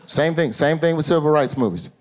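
A male stand-up comedian, performing an animated set that swings from low asides to high shouted bits on a theater stage. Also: brisk. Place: theater stage with a laughing audience. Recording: live show with loud crowd laughter and room noise.

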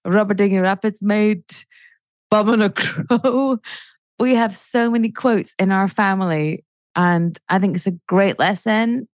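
A woman's voice: mid-range voice, measured pace, darkish tone, no echo. A woman in her forties, a comedian chatting as a podcast guest, swearing freely and ranting with rising energy. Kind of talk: casual chat.

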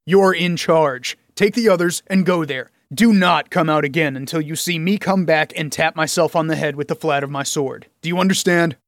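A man's voice: on the high side, normal speed, hardly any pauses, dry recording, close to an everyday voice. A man reading the lines of a young army corporal who gives urgent commands. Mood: commanding.

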